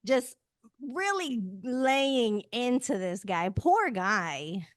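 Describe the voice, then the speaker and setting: A woman co-host chats through a reality-show recap in a fairly high voice, loose and profane. She slips into quick impressions of the people she's talking about. The sound is close and dry, with no room around her. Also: no echo. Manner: animated, profane, acts out cast members' lines. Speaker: podcast co-host. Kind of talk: casual recap chat.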